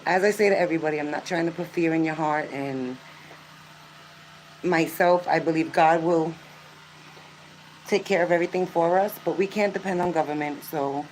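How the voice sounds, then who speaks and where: A woman's voice: sits low, slight background noise, rough recording. An older woman vlogging casually to camera, chatty and earnest, with frequent filler words. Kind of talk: casual vlog talk to camera.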